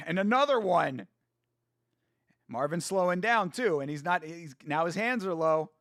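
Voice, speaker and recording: A man hosting a casual live watch-along, excitable and profane, trash-talking fighters, reading viewer chat aloud and laughing often. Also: high voice, a little slow, no room sound, studio quality. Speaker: host.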